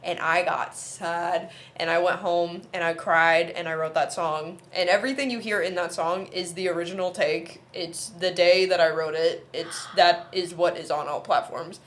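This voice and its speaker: She's a musician and podcast co-host from Oman in her twenties, animatedly recounting something from her own life during casual conversation and voicing the quotes herself. Her voice is fairly low, moving at a moderate pace with few pauses.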